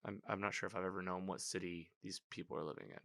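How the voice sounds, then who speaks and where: Male recapper, somewhat low voice with a crisp, forceful edge; loose, chatty, reactive delivery. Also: quick pace. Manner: rambling, filler-heavy, animated reactions. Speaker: TV episode recapper. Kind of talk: casual spoken episode recap.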